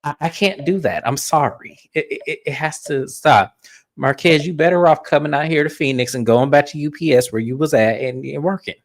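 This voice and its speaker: A man's voice: on the high side, a little fast. A man co-hosting a reality show recap in casual chat, emphatic and joking.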